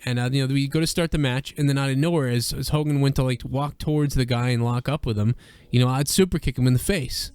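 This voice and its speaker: A young man co-hosting a crude, rambling chat, often breaking into loud put-on voices. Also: mid-range voice, fairly even intonation, fast, clean tone. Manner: rambling, slips into shouted wrestler impressions. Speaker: podcast co-host.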